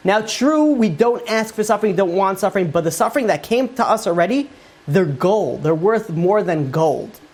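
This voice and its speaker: A man's voice: high voice, animated, moderate pace. A man, a rabbi, giving an informal Torah class, retelling Talmud stories in a conversational way with many fillers.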